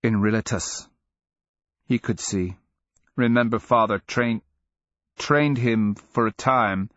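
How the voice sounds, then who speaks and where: A man's voice: fairly low pitch, fairly bright tone, no room sound, highs cut off, voice pushed up. A man voicing a pale, thoughtful young princess. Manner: measured, thoughtful, faltering restarts. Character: calm, perceptive young princess, teenage girl.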